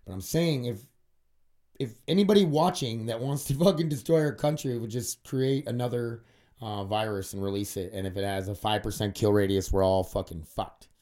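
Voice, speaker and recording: A man's voice: lowish voice, normal speed, darkish tone. A man hosting a solo podcast monologue, rambling and swearing freely, with frequent fillers like "uh" and "dude". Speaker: podcast host.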